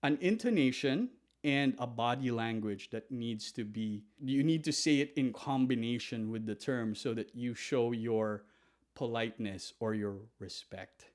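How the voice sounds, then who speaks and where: A man teaching a language lesson in an animated way, demonstrating polite phrases softly and often. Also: mid-range voice, measured pace. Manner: animated, demonstrating phrases with soft deferential repetition.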